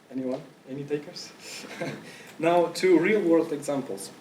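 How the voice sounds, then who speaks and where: A man's voice: on the high side, background noise. A man giving a casual conference talk to an audience, with loose phrasing, many fillers and restarts, and a cough now and then. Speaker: conference speaker. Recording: echoey room, voice from far off.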